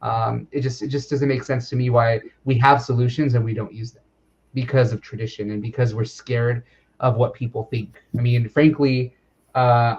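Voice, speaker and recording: A man hosting a podcast, earnest and reflective as he works through his thoughts out loud. His voice is mid-pitched, and the recording sounds muffled and lo-fi. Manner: earnest, thinking aloud with fillers and restarts. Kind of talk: reflective conversational talk. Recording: dull, lo-fi sound.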